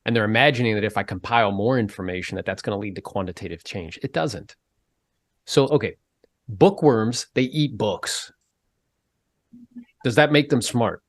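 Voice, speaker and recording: A man hosting a podcast, talking in a casual interview style, animated and emphatic as he pushes his pitch up to stress points. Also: moderate pace, pauses often, dry recording. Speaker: podcast host.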